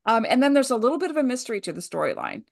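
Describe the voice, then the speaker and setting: A woman's voice: on the high side, very animated, racing, creaky. A woman co-hosting a podcast, chatting enthusiastically with lots of fillers. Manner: chatty, enthusiastic, many "you know" and "like" fillers. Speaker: podcast co-host. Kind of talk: casual chat.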